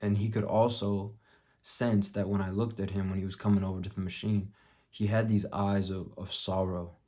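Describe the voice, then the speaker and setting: Young guy with a deep dark voice, cursing a lot while he tells a story, pretty monotone. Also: normal speed. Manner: profane, blunt, drops to a muttered hush for quoted thoughts. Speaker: vlogger. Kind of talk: casual storytelling vlog.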